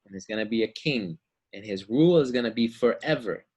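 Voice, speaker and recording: Male Bible teacher for children, husky, acts out characters. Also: lowish voice, animated, a little fast, darkish tone. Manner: acts out story voices, asks kids questions.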